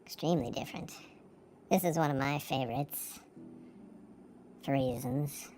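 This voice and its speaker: A man's voice: fairly high pitch, normal speed, a little mellow, a little hiss or hum, voice pushed up. A man using a voice changer filter to sound like a cartoonish bratty boy, rambling playfully. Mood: goofy.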